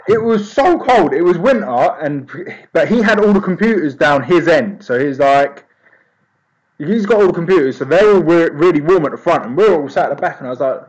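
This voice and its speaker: A man's voice: a little high, lively intonation, fairly quick, highs cut off. A young man telling cheeky school stories in a casual, laid-back way. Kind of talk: casual storytelling chat.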